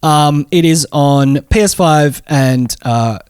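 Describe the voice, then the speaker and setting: A man co-hosting a podcast, with a voice a little higher than most. He chats eagerly, throws in quick "yeah"s and swears freely. The sound is dry and close, with no room around it. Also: a little mellow, smooth, no room sound. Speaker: podcast co-host. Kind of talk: casual chat.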